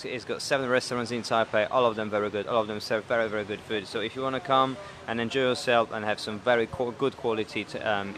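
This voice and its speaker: A man's voice: medium pitch, fairly bright tone. A man hosting a casual live show, chatty with many fillers, reading out viewer questions. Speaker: show host. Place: Indian restaurant.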